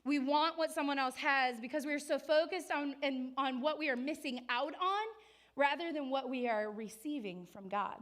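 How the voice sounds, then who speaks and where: A woman pastor giving a sermon who retells the story earnestly, often in a quiet, low-key voice. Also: moderate pace.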